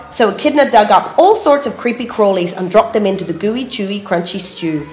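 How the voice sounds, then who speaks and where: A woman, a preschool teacher, reading a picture book aloud in a lively, expressive way, adding asides for the children. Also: mid-range voice, a little fast, hardly any pauses. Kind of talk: storybook read-aloud. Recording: echoey room.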